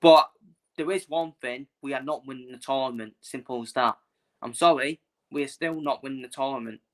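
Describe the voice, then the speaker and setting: A man's voice: medium pitch, fairly quick. A man from England ranting casually about football in a blunt, repetitive way, previewing matches for his channel.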